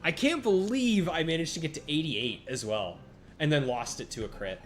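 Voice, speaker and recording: A man giving casual live-stream commentary while playing a monster-battle game, chatting with viewers by name and reacting out loud to each turn. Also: fairly high pitch, animated, normal speed. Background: faint game music.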